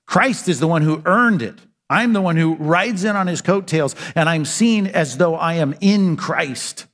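A man's voice: fairly high pitch, fairly bright tone, long reverb tail. A man preaching a sermon as pastor, earnest and emphatic, asking rhetorical questions and answering them.

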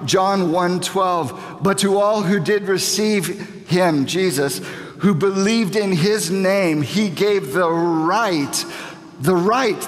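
A man in his thirties delivers a sermon with deliberate, unhurried phrasing and a slightly raised voice. He leans into repeated lines with growing passion. The sound rings out with a long hall reverb. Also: high voice. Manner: impassioned preaching, slow emphatic repetition. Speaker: pastor.

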